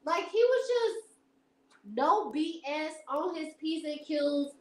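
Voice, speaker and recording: Young woman, high voice, chatty rambling livestream host, roomy echo. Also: lively intonation, slow. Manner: chatty, rambling, laughs often, addresses viewers as y'all. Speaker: live stream host. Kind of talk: casual storytelling chat. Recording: echoey room.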